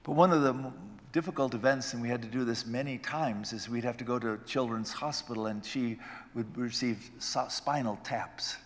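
A man pastor preaching a sermon, swinging from loud exclamations to hushed storytelling. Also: mid-range voice, moderate pace, long reverb tail.

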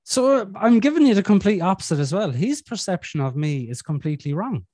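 A father appears as a podcast guest, casually telling stories about his kids, swearing freely and acting out the voices he quotes. His voice sits high and swings widely in pitch, moving a little fast with a dark tone. The recording is dry.

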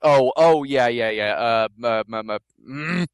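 A man's voice: mid-range voice, a little slow, smooth, no echo, studio quality. A man co-hosting a podcast, chatting casually about movies, laughing often and hedging with many likes. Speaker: podcast co-host.

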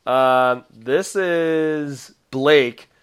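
A man's voice: fairly high pitch, extremely slow, clear, resonant tone, dry recording, studio quality. A man co-hosting a podcast in casual chat, laughing often and quoting others. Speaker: podcast co-host.

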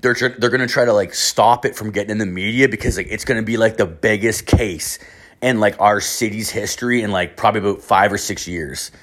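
A man's voice: lowish voice, brisk, fairly bright tone. A young man, telling a story casually in a rambling, profane way full of fillers.

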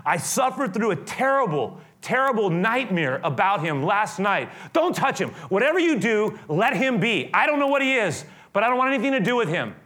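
A man's voice: high voice, big pitch swings, normal speed, hardly any pauses, fairly bright tone, voice pushed up. A man voicing a frightened governor's wife who urgently pleads for an innocent man to be left alone. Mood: anxious.

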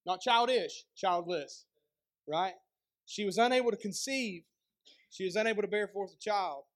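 Man, pastor, East Tennessee accent, very high voice, chatty sermon, rhetorical questions, joking asides. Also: normal speed. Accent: Southern US, East Tennessee.

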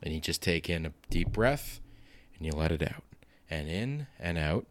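A man's voice: rumbling low, animated, moderate pace, no echo. A man in his late twenties hosting a casual solo monologue, rambling, swearing often and poking fun at himself. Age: late 20s. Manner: rambling, profane, self-deprecating.

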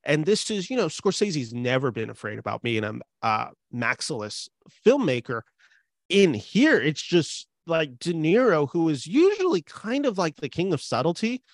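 Animated rambling man talking movies. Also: a little high, dry recording, clean studio sound. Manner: animated, rambling, many fillers. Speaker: film podcast co-host. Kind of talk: casual film discussion.

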